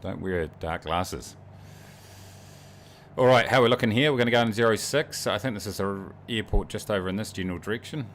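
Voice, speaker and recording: A man's voice: lowish voice, fairly quick, a little hiss or hum. A New Zealand man livestreaming a flight sim, chatting in a rambling, joking, self-mocking way. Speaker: streamer. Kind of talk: casual livestream chat while flying a sim.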